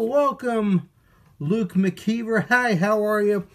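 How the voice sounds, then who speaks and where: A man's voice: high-pitched, slow pace, creaky, a bit bright. A middle-aged man hosting a casual live-stream toy unboxing on a phone camera, chatty and rambling as he greets viewers.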